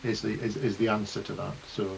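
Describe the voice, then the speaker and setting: A man's voice: fairly low pitch, level tone, fast, vocal fry. A man narrating a tabletop game in a rambling, hedging way. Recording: dull lo-fi mic with hiss.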